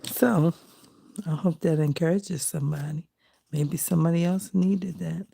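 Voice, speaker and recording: A middle-aged crafting vlogger chats casually while she crafts, heartfelt and folksy in tone. Her low voice is warm, fairly even, and a little slow, with vocal fry and a breathy edge.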